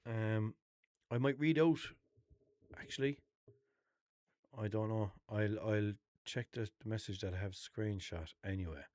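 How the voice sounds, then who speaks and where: A man's voice: lowish voice, measured pace, long pauses, darkish tone, no echo, clean studio sound. A young man with a Limerick Irish accent, hosting a podcast and telling rambling, sweary stories in an unscripted monologue. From Ireland. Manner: chatty, swears a lot, rambling storytelling with restarts. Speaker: podcast host.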